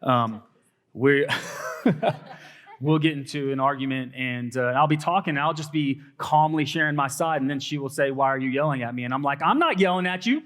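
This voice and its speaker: A man's voice: medium pitch, steady tone, normal speed, fairly bright tone. A man with a Texan accent hosting a church panel, talking earnestly and rambling with fillers. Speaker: panel host, college minister. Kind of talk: casual panel talk.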